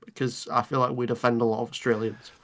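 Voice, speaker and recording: A man co-hosting a casual movie chat, enthusiastic and quick to laugh and swear. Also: medium pitch, level tone, fairly bright tone. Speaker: podcast co-host.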